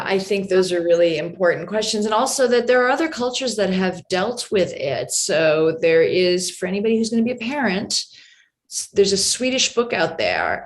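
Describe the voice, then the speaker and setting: A woman moderating a casual discussion on a video call, chatty and rambling, quick to apologize. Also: fairly low pitch.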